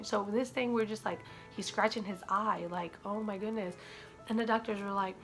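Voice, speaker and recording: A young woman speaking to her viewers as a mother, halting and tearful, with many ums and likes as she holds back tears. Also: medium pitch, fairly bright tone, soft background music. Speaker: mother vlogger. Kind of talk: emotional personal vlog to viewers.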